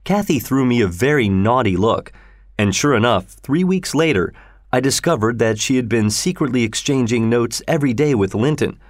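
A man narrating a story in a steady, measured way. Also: mid-range voice, dry recording, clean studio sound. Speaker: audiobook narrator.

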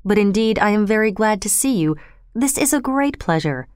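Lady doing a sad shut-in doctor guy, tired and low, smooth clear voice. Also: expressive, a little fast, a little mellow, dry recording, clean studio sound, natural voice. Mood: despondent. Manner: weary, mournful. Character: gloomy reclusive middle-aged male doctor.

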